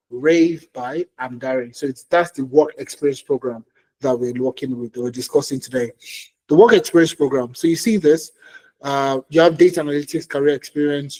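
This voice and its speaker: A man's voice: mid-range voice, a little mellow, rough recording. A man presenting a career webinar for tech job seekers, who talks emphatically, repeats key phrases and keeps checking in with "okay?" and "all right?".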